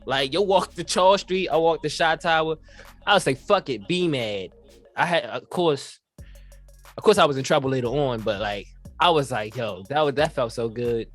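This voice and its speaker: A man's voice: on the high side, moderate pace, faint music behind. A young man on a podcast, telling a story in casual slang and acting out the quoted lines as he goes. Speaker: podcast co-host.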